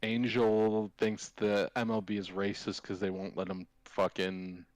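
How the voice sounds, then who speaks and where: A man's voice: fairly low pitch, monotone, unhurried, a little mellow, no echo. A man on a sports betting podcast, talking bluntly and crudely in a dismissive tone. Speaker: podcast co-host. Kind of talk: casual sports chat.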